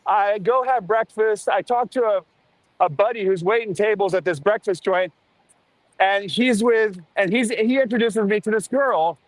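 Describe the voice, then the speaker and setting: A man telling a story in a casual, animated way, with plenty of swearing. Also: high voice, no echo, rough recording. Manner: animated, profane, quick asides. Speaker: storyteller on a live stream.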